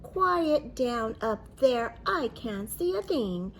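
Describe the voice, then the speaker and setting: Woman reading aloud as a grumpy old grandpa, grumbling and flustered, lively slow storybook voice. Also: fairly high pitch, slight background noise, full character voice. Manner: grumbling, exclaiming.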